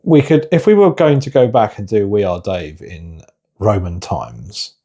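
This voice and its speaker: A man hosts a relaxed podcast conversation with a husky, slightly breathy voice. He chats in a self-deprecating way and often restarts sentences as he goes. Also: on the low side, unhurried. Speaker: podcast host.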